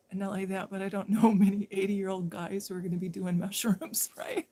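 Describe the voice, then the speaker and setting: A woman live streaming, telling a story casually in a rambling way that drops into hushed whispers. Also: mid-range voice, little pitch movement, fairly quick, hardly any pauses.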